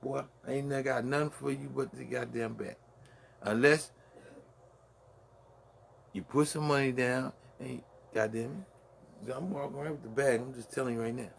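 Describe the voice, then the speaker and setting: A man's voice: mid-range voice, fairly even intonation, normal speed, vocal fry, pauses often, a little hiss or hum. A man with a Brooklyn accent hosting a late-night solo rant from his man cave, full of boastful, profane trash talk. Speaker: host.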